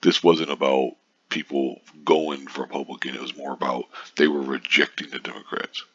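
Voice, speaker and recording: Very deep gravelly man ranting. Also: level tone, moderate pace, bright, forceful tone, muffled recording. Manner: profane, sarcastic, reads out posts and scoffs. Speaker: commentator. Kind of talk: casual political rant.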